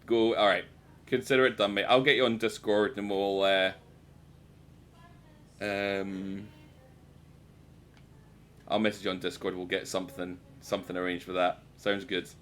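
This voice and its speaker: A man's voice: low-pitched, level tone, unhurried, long pauses, a bit bright. A man streaming a game and chatting casually, swearing freely and poking fun at himself. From United Kingdom. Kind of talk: casual live-stream chat while gaming.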